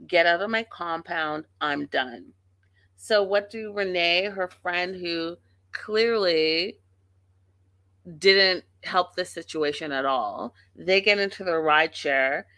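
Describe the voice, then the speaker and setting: A woman's voice: lowish voice, pushed and bright, no echo. A woman hosting a casual reality TV recap, talking bluntly and emphatically with plenty of profanity. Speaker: show host.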